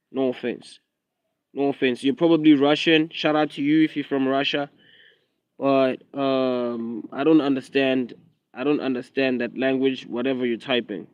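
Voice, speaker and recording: The speaker is a young man from Eswatini, a rapper and content creator, doing a casual phone livestream outdoors in drizzle while hunched over his phone. He rambles and repeats himself in defiant street talk, with a South African accent tinged American. His medium-pitched voice is a little mellow and clean, and the lo-fi audio has no echo.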